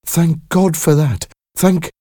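A man voicing a distraught middle-aged mother in a storybook reading, her voice high and strained with pleading. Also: big pitch swings, unhurried, darkish tone, no room sound, clean studio sound. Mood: relieved.

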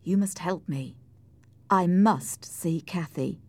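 Woman reading as Heathcliff, a forceful, brooding young man. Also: on the low side, slow pace, no echo. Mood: intense. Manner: forceful, emphatic.

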